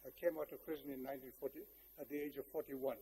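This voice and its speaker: An older South African man giving a public speech, telling a personal story in a measured, reflective way with wry humor. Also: medium pitch, flat delivery, mellow, a little hiss or hum. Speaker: guest speaker. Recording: long hall reverb.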